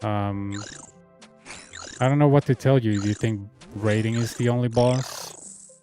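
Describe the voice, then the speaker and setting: A man's voice: fairly low pitch, measured pace, mellow, faint music behind. Sarcastic Latin American streamer man. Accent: Latin American Spanish. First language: Spanish. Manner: sarcastic, exasperated. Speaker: game streamer and coach. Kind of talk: casual storytelling rant.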